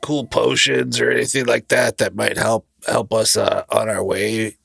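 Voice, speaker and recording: A man playing a tabletop game, asking slow, halting questions. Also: on the low side, vocal fry, a bit bright, husky, no echo. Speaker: player. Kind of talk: casual tabletop play.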